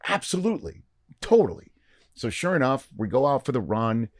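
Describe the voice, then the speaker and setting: A man on a podcast as a guest, telling a long story in casual chat and acting out the quoted lines with lively shifts. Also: mid-range voice, brisk, no echo, studio quality. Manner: animated storyteller, acts out quoted dialogue. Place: podcast studio.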